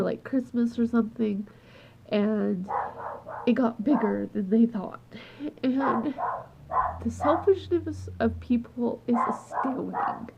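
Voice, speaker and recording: Woman, tearful, upset, high-pitched, gravelly, muffled home recording. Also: noisy background. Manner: tearful, upset and heartfelt, trailing off and restarting. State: crying. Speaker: vlogger. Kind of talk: emotional personal vlog. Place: at home with her dog.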